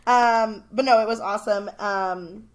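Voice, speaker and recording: A woman's voice: medium pitch, fairly even intonation, unhurried. Young female podcast co-host, casual, rambling storyteller with lots of fillers. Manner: chatty storytelling with many fillers. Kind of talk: casual chat.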